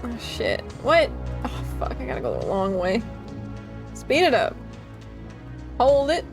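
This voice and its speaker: A woman gives live commentary on the game she is playing, talking slowly and thinking out loud. Her voice sits a little high, and she swears freely. Game music plays clearly behind her. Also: big pitch swings. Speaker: game streamer.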